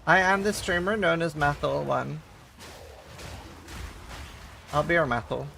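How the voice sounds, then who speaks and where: A man's voice: a little high, fairly quick, creaky, sharp tone, a little hiss or hum. A man putting on a playful impression of a fellow streamer with a hammed-up Australian accent. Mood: mock-indignant. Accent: put-on Australian.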